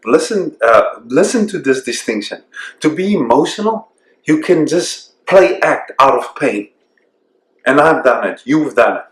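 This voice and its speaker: A man hosting a self-discovery program, speaking earnestly and reflectively and slowing down to stress key points. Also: mid-range voice. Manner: earnest, reflective, slows down for emphasis. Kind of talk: motivational talk to camera. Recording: echoey room.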